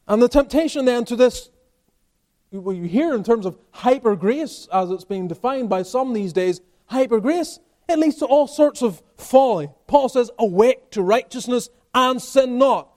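A man with a high-pitched speaking voice preaches in church. He delivers an expository sermon, building emphasis and then dropping to quieter stretches. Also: expressive, moderate pace. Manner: emphatic preaching with rising and falling intensity. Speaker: pastor.

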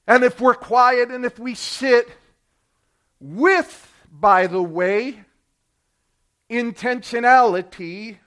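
A male pastor preaching a sermon, acting out the people he quotes and swinging between loud and quiet. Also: high-pitched. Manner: dramatic, acts out quoted voices with big swings in loudness.

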